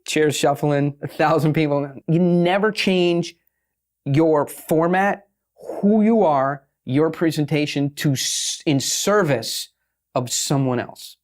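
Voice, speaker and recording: Man, slightly high voice, podcast guest; brash, swears freely, races then slows down for emphasis. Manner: brash, profane, fast bursts with emphatic slowdowns. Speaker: guest, pitching expert. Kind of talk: podcast interview talk.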